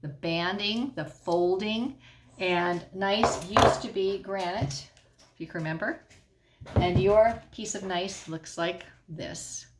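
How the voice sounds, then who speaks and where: A woman's voice: mid-range voice, slow, very noisy. A middle-aged woman teacher explaining a science lesson at home in a patient way, often checking in with the class.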